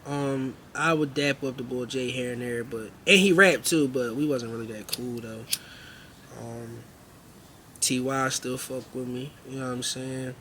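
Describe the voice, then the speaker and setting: A young man telling a casual storytime vlog, slangy and animated, acting out what people said with raised voices. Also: mid-range voice, unhurried, a little hiss or hum. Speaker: storyteller host.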